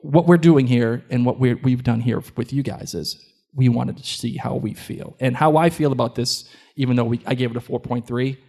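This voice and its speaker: Male co-host with a Boston accent, live in a hotel room, animated and bantering. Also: mid-range voice, moderate pace, gravelly. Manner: animated, joking, addresses the crowd. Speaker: podcast co-host. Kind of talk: live podcast chat before an audience.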